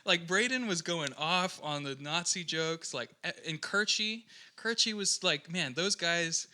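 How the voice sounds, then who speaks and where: A young man with a very bright, fairly high voice tells rambling stories in a casual podcast chat. He keeps circling back with fillers and restarts. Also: animated, a little slow. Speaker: podcast host.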